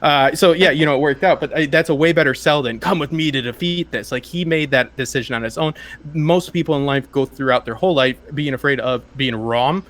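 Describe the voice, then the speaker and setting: A man from Michigan co-hosting a casual TV review chat, animated, with swearing and mocking acted-out quotes. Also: mid-range voice, fairly quick. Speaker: podcast co-host.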